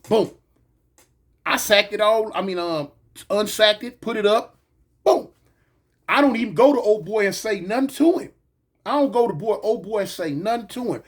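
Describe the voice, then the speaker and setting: Man, high voice, casual storytelling, slangy, punchy sound words. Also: moderate pace, long pauses. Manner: slangy, animated, punctuates with "bang" and "boom". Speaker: storyteller recounting prison life.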